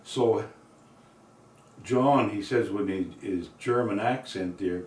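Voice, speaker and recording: An older man telling a folksy story in a rambling, unhurried way, filling gaps with "you know" and "uh", heard from a distant mic in an echoey room with faint accordion behind. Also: lowish voice. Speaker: storyteller and singer.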